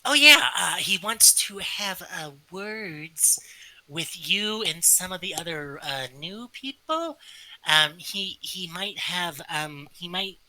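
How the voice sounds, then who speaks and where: A man's voice: high voice, expressive, slow pace, bright, forceful tone, exaggerated voice, low-quality recording. A man doing a stammering little kobold. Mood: flustered. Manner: stammering, scatterbrained, repeats words. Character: small excitable male kobold errand-runner.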